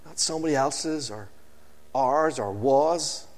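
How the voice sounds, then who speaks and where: A male preacher delivers a sermon in an unhurried, emphatic way, leaning on dramatic pauses and letting each phrase sink low and soft at its end. His voice sits in a middle pitch. The sound carries a long reverb, like a church hall. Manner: slow, emphatic, with dramatic pauses and a falling close.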